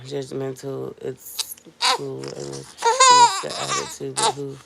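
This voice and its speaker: A woman's voice: extremely low pitch, completely flat delivery, slow pace, gravelly, very noisy. A young woman vlogger and mother chatting emphatically to her viewers, speaking to them directly in a casual way. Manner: coos softly in baby talk to her infant. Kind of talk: casual talk to camera.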